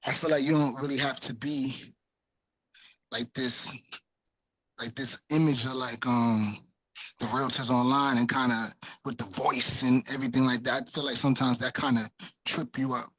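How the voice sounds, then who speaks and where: A man's voice: mid-range voice, fairly even intonation, moderate pace, a bit bright, breathy edge, dry recording, poor audio. A man with a New York accent, a newer real estate agent, chatting loosely on a video call with lots of "like" and "you know". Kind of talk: casual chat.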